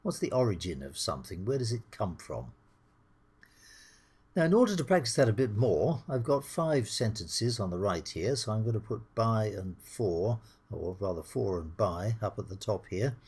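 A middle-aged British man with a husky voice, teaching English slowly and clearly over slides. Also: fairly low pitch, big pitch swings, darkish tone. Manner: slow, clear teaching delivery, acts out the dialogue lines.

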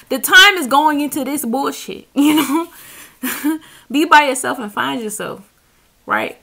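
A woman's voice: high-pitched, animated, measured pace, vocal fry, bright, forceful tone. A woman reading tarot in a casual, profane chat to camera, laughing often as she talks. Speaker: tarot reader. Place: seated indoors on a squeaky chair.

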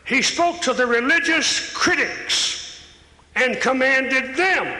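Impassioned older preacher in a ringing hall. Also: male voice, extremely high pitch, lively intonation, slow, bright, forceful tone. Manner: impassioned, building to raised calls. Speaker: evangelist preacher. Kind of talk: sermon. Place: large church, live service. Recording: echoey hall with long reverb.

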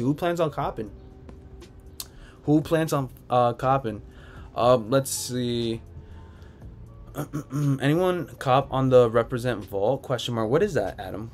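A man hosting a casual livestream, reading viewer comments aloud and answering them in a laid-back, rambling way from home. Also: medium pitch. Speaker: sneaker livestream host. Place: home room.

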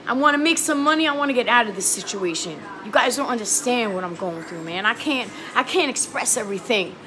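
High, bright-voiced New woman vlogging. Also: expressive, a little fast, a little hiss or hum. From New York. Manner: heated and pleading, swears, repeats herself. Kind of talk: emotional talk to camera.

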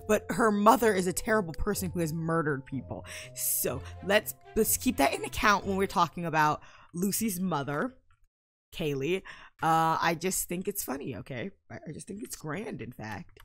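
A young woman commenting casually on her life-simulation game, playful and giggly, with sudden loud bursts of excitement. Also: on the low side, moderate pace, no echo, soft background music. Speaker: gameplay commentator. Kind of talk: casual let's-play commentary.

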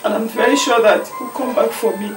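A woman's voice: a little high, quick pace, music in the background, natural voice. A woman as a heartbroken village girl, Nigerian accent. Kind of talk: Nollywood film drama. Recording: echoey room, far from mic, film score.

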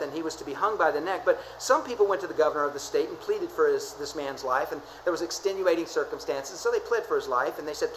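In a church, a pastor preaches a dramatic sermon built on repeated phrases and contrast, dropping to near-whispers before surging to forceful high points. The recording is rough, with a faint layer of background noise under his voice.

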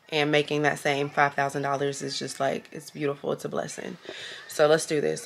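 A woman vlogging casually to her camera at home, gushing and excitable, with lots of ums and likes. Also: low voice. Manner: gushing and excitable, with many fillers. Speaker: small business owner and vlogger.

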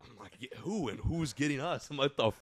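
A man's voice: medium pitch, fast talker, crowd noise. A young man co-hosting a podcast, telling a story in casual chat, swearing freely and acting out the people in it. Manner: animated, swearing, acts out voices of others. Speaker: podcast co-host.

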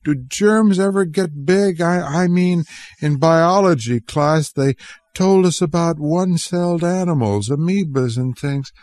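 A man's voice: on the high side, unhurried, a little mellow, voice pushed up, natural voice. A man voicing a frightened, feverish boy. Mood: hesitant. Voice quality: pleading, whimpering.

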